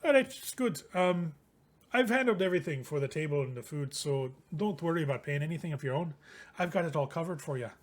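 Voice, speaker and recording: A brash, swaggering knight-for-hire, voiced by a man in a tabletop game, talking loud and high with a drawl. His voice is pitched a bit above the usual. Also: expressive, brisk. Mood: hearty.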